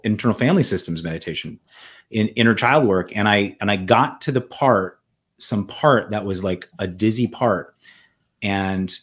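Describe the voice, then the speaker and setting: A man guest in an interview, telling his own story in an earnest, reflective way, often restarting and repeating words. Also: fairly low pitch. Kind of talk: conversational storytelling.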